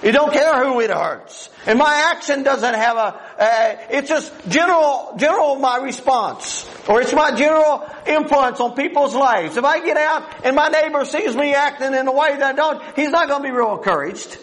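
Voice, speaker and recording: Older male preacher, high-pitched, folksy and rambling, heard from a distant mic at times. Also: moderate pace, hardly any pauses, fairly bright tone. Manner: folksy, rambling, with restarts and plain country grammar. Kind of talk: sermon.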